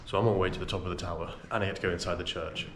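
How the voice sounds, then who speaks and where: A man's voice: low voice, fairly even intonation, racing. Rambling young man vlogging outdoors. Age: young adult. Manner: rambling, chatty, self-mocking. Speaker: travel vlogger. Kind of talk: casual travel vlog. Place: outdoors around a town and driving a car. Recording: noisy outdoor camera audio. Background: street ambience and vehicle noise.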